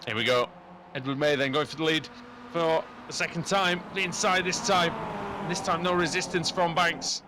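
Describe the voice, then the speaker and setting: Excitable high-voiced male race commentator. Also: normal speed, noisy background. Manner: excitable, rising sharply at incidents. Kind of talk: sim racing commentary.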